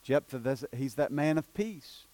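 A male pastor with an East Tennessee accent preaching in a church. He moves between quiet, low passages and loud, emphatic declarations. His voice sits at an ordinary male pitch, and the recording is close and dry. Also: animated, moderate pace, no room sound. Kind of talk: sermon. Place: church sanctuary.

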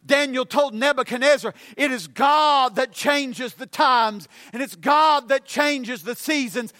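A man preaching with a very high, bright, ringing voice that climbs to shouts on his main points. He builds his sentences by repetition, hammering each phrase. The sound is dry and close. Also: unhurried, hardly any pauses, dry recording. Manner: emphatic preaching, rising to shouts on key points. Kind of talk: sermon.

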